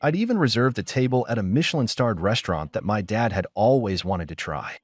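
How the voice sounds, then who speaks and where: A man narrating a first-person story in a steady, measured way. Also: on the low side, no echo.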